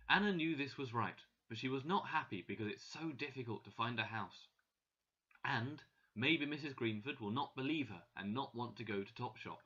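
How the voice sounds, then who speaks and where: Bright-voiced man reading a learners' story. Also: medium pitch, lively intonation, moderate pace, husky, muffled recording. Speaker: narrator.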